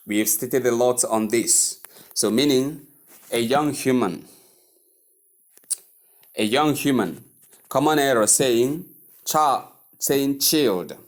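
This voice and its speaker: A man teaching English pronunciation, repeating each word slowly and drilling it several times. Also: medium pitch. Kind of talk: pronunciation lesson.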